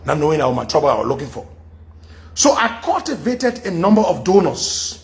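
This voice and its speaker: A middle-aged man holds the mic as a radio host, telling a story in a high voice. His pitch leaps all over as he acts out what each person said. He keeps swinging between his own telling and the voices he puts on. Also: brisk, creaky. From Liberia. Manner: animated, acts out quoted dialogue in shifting voices. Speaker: radio talk show host. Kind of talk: storytelling monologue.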